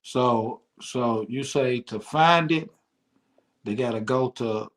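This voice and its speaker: A man hosting an online interview show, talking at a middle pitch. His manner is easygoing and slangy, and he keeps encouraging his guest as they chat. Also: takes it slowly, a bit bright. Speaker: radio show host. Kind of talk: casual interview talk.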